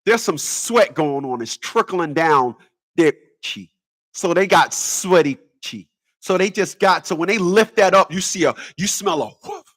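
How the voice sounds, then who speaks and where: Animated, high-voiced man ranting. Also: measured pace. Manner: stammers and repeats words, laughs at own jokes. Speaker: vlogger. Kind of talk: rambling comedic rant.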